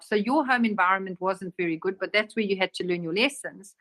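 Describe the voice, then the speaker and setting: A woman giving a casual spiritual talk as a teacher, acting out bits of dialogue in a lively, raised voice. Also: mid-range voice, fast talker. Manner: animated, acts out dialogue in raised voice.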